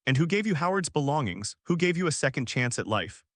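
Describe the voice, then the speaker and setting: A man reading the lines of a stern, commanding one-eyed spy chief, forceful and firm. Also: a little high, very animated, fairly quick, no room sound, studio quality.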